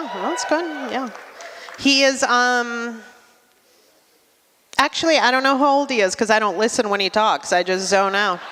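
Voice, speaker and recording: Deadpan Russian-born woman comedian. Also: mid-range voice. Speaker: stand-up comedian. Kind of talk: stand-up comedy set. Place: large theatre stage. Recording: live theatre hall reverb.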